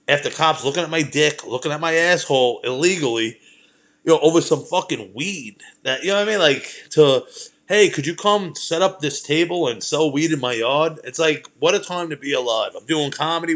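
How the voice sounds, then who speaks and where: A man, hosting a comedy podcast and telling rambling, profane stories in a casual monologue. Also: fairly high pitch. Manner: profane, rambling, animated anecdotes.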